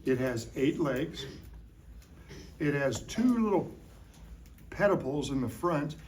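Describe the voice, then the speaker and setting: A man's voice: fairly high pitch, expressive, takes it slowly, darkish tone, a little hiss or hum. A middle-aged man giving a hands-on science demonstration to a classroom of young children, playful and jokey, coaxing them with questions. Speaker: science educator. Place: elementary school classroom.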